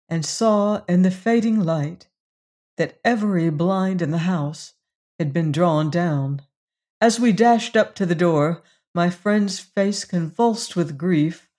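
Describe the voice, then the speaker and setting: An audiobook narrator reading a period story at an unhurried, deliberate pace. The delivery is measured and even, with the pitch sitting in a middle range. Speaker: audiobook reader.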